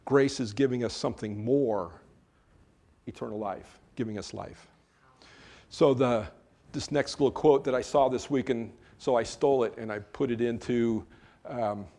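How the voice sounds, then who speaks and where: A man's voice: mid-range voice, warm tone. A man, a pastor, preaching a sermon in a conversational way, with joking asides between earnest points.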